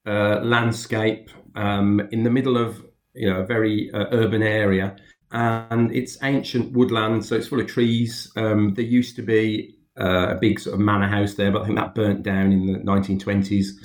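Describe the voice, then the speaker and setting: A man's voice: on the low side, little pitch movement, normal speed. Amiable man in a roomy echo. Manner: amiable, hesitant, lots of ums. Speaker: guest comedian. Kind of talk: casual chat.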